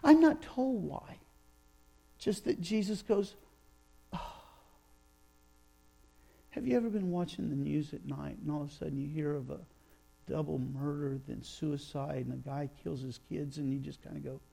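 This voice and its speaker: A man preaching a sermon, retelling scripture in a storytelling way, acting out sighs and quotes and slowing down for emphasis. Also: fairly high pitch, vocal fry, mellow, breathy edge. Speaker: pastor.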